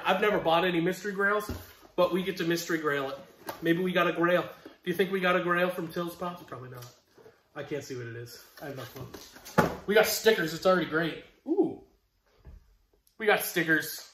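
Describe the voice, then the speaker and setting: A young man with a high voice talks loosely through an unboxing, rambling and poking fun at himself as he goes. His chatter bounces around a roomy, echoey space. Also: fairly bright tone, a little hiss or hum. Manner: rambling, self-deprecating, with frequent restarts. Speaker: collectibles vlogger. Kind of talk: casual unboxing chat.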